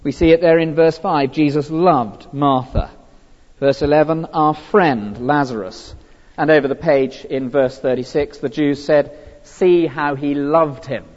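A man's voice: on the high side, a little slow, darkish tone. A man preaching a sermon earnestly, with frequent fillers and restarts. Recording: dull, lo-fi recording with long hall reverb.

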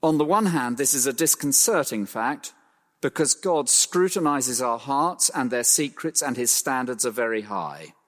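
A man preaching an expository sermon, emphatic, slowing to stress phrases and swinging his pitch widely. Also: animated, a bit bright, long reverb tail.

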